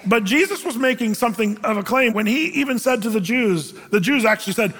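High-voiced pastor guy preaching on a church stage, chatty and jokey, lots of rhetorical questions, big echoey hall. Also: moderate pace, hardly any pauses, fairly bright tone. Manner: conversational and joking, asks rhetorical questions. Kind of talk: sermon. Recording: long reverb of a church hall.

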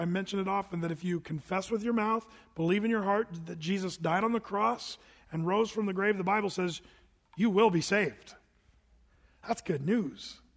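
A man's voice: high voice, big-room sound. A pastor preaching a sermon to his congregation in a church, earnest and emphatic, often repeating himself for weight. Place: church sanctuary.

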